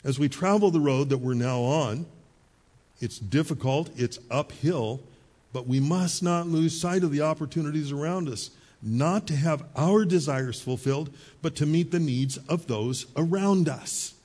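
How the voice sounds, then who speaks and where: Husky-voiced preacher, man, fairly high. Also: mellow. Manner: conversational storytelling preaching, quick asides. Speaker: pastor. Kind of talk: sermon.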